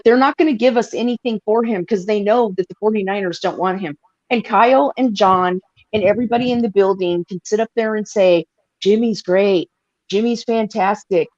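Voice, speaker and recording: A woman co-hosting a casual sports chat, rambling and animated, swearing freely and filling with "like". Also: mid-range voice, no echo, highs cut off. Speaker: podcast co-host.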